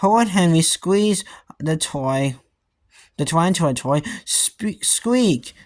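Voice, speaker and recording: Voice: medium pitch, measured pace, a little mellow. A young reader stumbling and restarting while reading a children's book aloud. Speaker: storybook reader.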